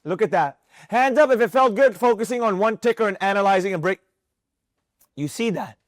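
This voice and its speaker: A man teaching a live mentorship class on trading, talking in an animated, preachy way and repeating himself for emphasis, with students in the room. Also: sits high, fairly quick, dry recording.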